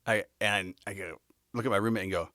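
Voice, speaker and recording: A man's voice: fairly low pitch, fairly even intonation, brisk, pushed and bright, dry recording, studio quality. A man hosting a podcast, telling a rambling, candid personal story in a casual way and laughing often as he goes. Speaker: podcast host.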